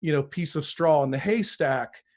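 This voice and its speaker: A personal trainer in his forties, guesting on a podcast in a conversational interview, speaks emphatically and preachily, often repeating words to build a point. His voice is fairly high, a little mellow, at a moderate pace.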